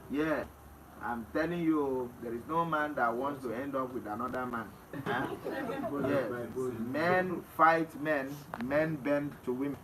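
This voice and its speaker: A man with a Nigerian accent, talking emphatically in a casual interview, often laughing and swinging between loud outbursts and hushed remarks. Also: medium pitch. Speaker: interview guest. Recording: distant mic with noisy background.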